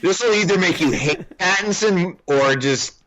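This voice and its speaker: A man's voice: sits high, animated, a little slow, over a noisy crowd. A man co-hosting a film podcast in casual chat, rambling with restarts and easy laughs. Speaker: podcast co-host. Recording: slightly dull lo-fi audio.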